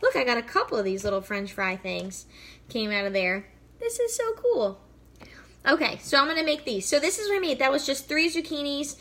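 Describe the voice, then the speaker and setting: A woman's voice: high-pitched, animated, fast talker, fairly bright tone. A woman in her thirties chatting casually and bubbly while cooking in her home kitchen, full of fillers. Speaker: fitness vlogger. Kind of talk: casual live cooking chat.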